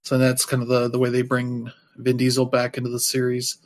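A man's voice: medium pitch, monotone, a little fast. A man chatting casually as a podcast co-host, rambling loosely with lots of fillers and dropping wry, offhand asides. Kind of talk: casual chat.

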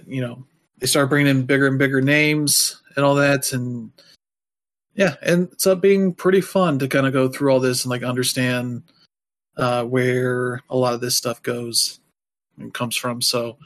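A man's voice: medium pitch, steady tone, unhurried, pauses often. Rambling man in casual chat. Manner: rambling, loose, heavy with fillers; wry, offhand asides.

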